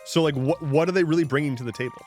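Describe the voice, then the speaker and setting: A man chatting loosely to his stream audience while he plays, rambling from one tangent to the next in a joking, offhand way. He restarts his sentences often and drops casual swears. Faint game music plays softly underneath. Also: on the high side, very fast. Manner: rambling, jokey, talks to chat. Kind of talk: casual live-stream chat while gaming.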